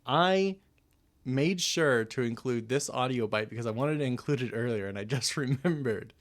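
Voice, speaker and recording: A man's voice: medium pitch, lively intonation, normal speed. Young guy rambling on his podcast, laughs at himself a lot, pretty casual. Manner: rambling, self-deprecating, laughs often. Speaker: podcast host. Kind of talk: casual chat.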